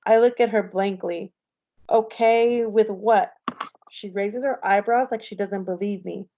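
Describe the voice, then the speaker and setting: A woman teacher reads a novel aloud in a steady storytelling voice. Her tone is mellow and a little dark, and the lo-fi recording dulls it slightly. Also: medium pitch, moderate pace, a little hiss or hum.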